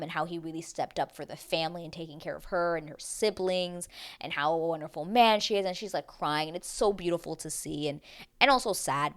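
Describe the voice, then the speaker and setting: A woman's voice: low-pitched, fairly bright tone. A young woman in a chatty, dramatic, casual recap of a TV show. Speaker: TV recap vlogger.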